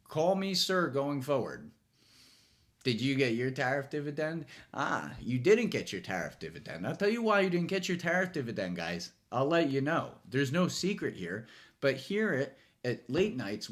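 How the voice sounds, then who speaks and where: A young man hosting a casual late-night monologue from a studio, rambling, profane and self-mocking. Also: medium pitch. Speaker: host.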